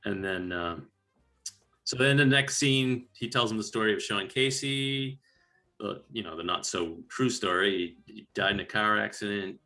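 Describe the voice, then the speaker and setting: A man's voice: fairly low pitch, normal speed, sharp tone, faint music behind. A man hosting a casual movie podcast, rambling through scenes and acting out lines. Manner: rambling recap, acts out lines. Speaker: podcast host.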